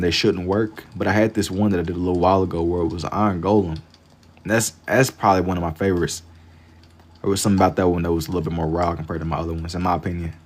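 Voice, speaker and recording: A man's voice: deep voice, a little mellow. A young man chatting casually with his live-stream chat while he draws, laid-back and slangy, often repeating a phrase while he thinks. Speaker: livestreamer drawing for chat.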